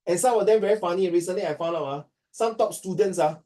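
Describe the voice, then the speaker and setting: A Singaporean man teaching a class, his voice a little high and soft-edged. He jokes as he goes and slips between English and Chinese. He sounds a bit distant from the microphone. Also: fast talker. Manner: joking, mixing English and Chinese.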